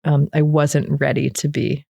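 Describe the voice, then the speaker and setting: A woman's voice: low-pitched, measured pace, gravelly, no room sound, studio quality. A middle-aged woman speaking earnestly in a candid interview, often acting out what she and others said. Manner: earnest, quotes herself and others in animated re-enactments. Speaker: guest sharing recovery story.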